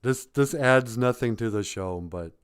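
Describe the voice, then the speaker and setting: A man's voice: medium pitch, a little slow, smooth. A man hosting a live stream, telling a comic folk tale in a loose, off-the-cuff, joking way. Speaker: live-stream host and storyteller. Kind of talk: rambling comic storytelling.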